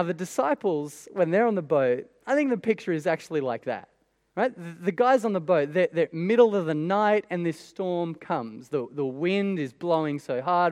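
A man's voice: a little high, a little mellow, long reverb tail. A man preaching a sermon in a conversational way, with many rhetorical questions. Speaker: pastor.

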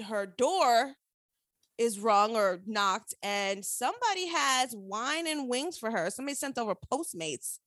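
Woman gabbing about a tv episode, lively up and down voice, dry close mic. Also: a little high, measured pace, no echo. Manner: animated, profane, opinionated. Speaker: co-host recapping a TV episode. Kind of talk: casual chat.

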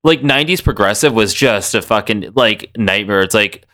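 Guy cohosting a cartoon podcast, super lively, bright clear voice, gets loud and high when he's into it. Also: normal speed. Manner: animated, jumps into high excited bursts when making a point. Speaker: podcast co-host. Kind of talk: casual chat about a cartoon.

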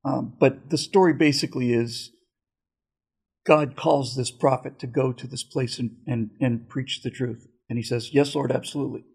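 A male host telling a story in casual chat, pausing and searching for words. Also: medium pitch, steady tone, a little mellow, slightly rough.

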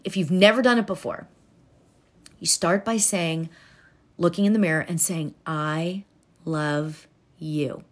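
A woman giving an earnest motivational talk, speaking directly to the listener and dropping to soft, near-whispered tones for affirmations. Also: fairly low pitch. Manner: talks directly to the listener with many "right?" tags. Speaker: self-help speaker.

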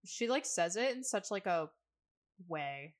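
A woman's voice: medium pitch, expressive, a little slow. A woman co-hosting a podcast, chatting casually and with slang about a TV episode, laughing often. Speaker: podcast co-host. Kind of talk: casual recap chat.

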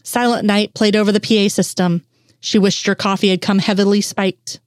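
A woman reading fan fiction aloud in a steady storytelling voice at a middle pitch. She is close to the mic. The sound is dry with no room in it. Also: moderate pace, no room sound. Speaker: reader.

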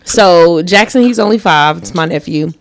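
A woman in her thirties chatting casually, expressive and quick to laugh. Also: fairly low pitch, background noise. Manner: expressive, laughs easily, acts out kids' voices. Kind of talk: casual chat.

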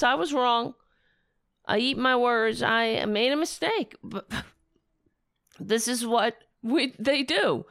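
A woman hosting a political talk show, speaking in a sarcastic, rambling way while her voice is going hoarse. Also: on the high side, fairly bright tone, dry recording, studio quality. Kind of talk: casual opinion commentary.

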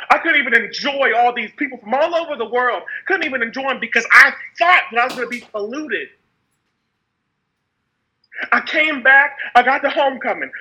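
Brief: woman delivering a passionate spoken testimony, very high-pitched, intense, phrases repeated for emphasis. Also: bright, forceful tone, poor audio. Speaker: speaker sharing her story. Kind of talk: personal testimony monologue.

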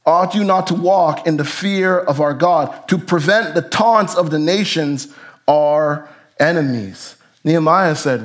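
A man preaching a sermon as pastor, animated, his voice jumping up for emphasis and then dropping low. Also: a little slow. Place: church sanctuary.

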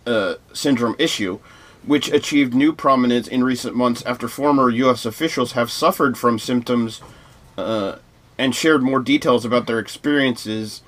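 A man's voice: mid-range voice, normal speed, fairly bright tone. A man co-hosting a podcast, reading news items aloud with many fillers and restarts in casual discussion. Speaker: podcast co-host.

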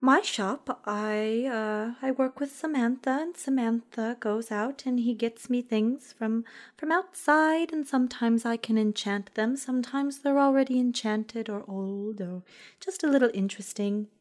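Female shopkeeper, eager and scattered, soft halting delivery, voiced by a woman. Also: a little high, close to an everyday voice. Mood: helpful. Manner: soft, halting speech full of fillers.

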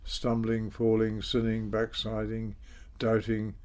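An older man, telling his story in a measured, self-deprecating way in an interview. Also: fairly low pitch, completely flat delivery, a little mellow. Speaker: interview guest, former politician. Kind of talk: reflective storytelling.

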